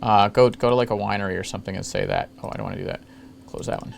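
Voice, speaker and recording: A man hosting a casual screen-capture walkthrough of old software, rambling along with jokey, self-mocking asides. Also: on the low side, fairly even intonation, racing, gravelly, slight background noise. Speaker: retro computing video host.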